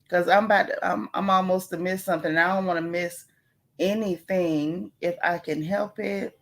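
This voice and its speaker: Woman host, casual livestream chat, playful shout-outs, mid-pitched voice. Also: steady tone, moderate pace, vocal fry. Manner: warm, playful, chatty banter with the chat. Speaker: livestream host greeting viewers. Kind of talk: casual live-stream chat.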